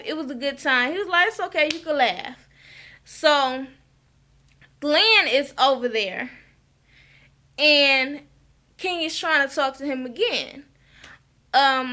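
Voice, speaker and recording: A woman's voice: high-pitched, sharp tone. A woman giving a frank, chatty recap of a TV episode and often asking "okay?". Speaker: reality TV recap vlogger.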